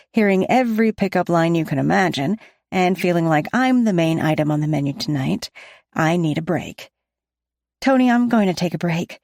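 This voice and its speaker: A woman's voice: on the low side, creaky, darkish tone, dry recording, clean studio sound. A woman reading a romance audiobook in the first person, with intimate storytelling. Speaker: audiobook narrator.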